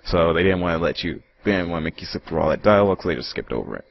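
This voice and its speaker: A man's voice: deep voice, lively intonation, rapid-fire, vocal fry. A man casually commenting and explaining while playing through a game. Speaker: let's play streamer. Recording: muffled capture with game music.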